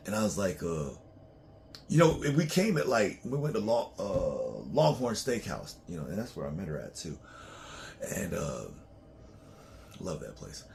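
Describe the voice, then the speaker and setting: A man's voice: sits low, sing-song, unhurried, gravelly, pauses often, slight background noise. A man talking casually in a loose, profane, rambling monologue to his own channel, often breaking into laughs. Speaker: vlogger.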